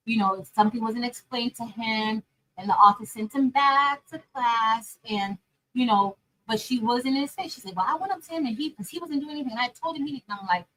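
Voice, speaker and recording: A woman chatting casually and telling a story straight to her viewers, animated, calling them y'all and girl. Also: on the high side, rough recording. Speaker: crafting vlogger and teacher.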